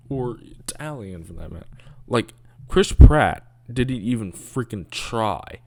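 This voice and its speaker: A man's voice: on the low side, lively intonation, takes it slowly, darkish tone, no echo. A man giving casual, rambling commentary on a video, sarcastic and grumbling, with mocking asides.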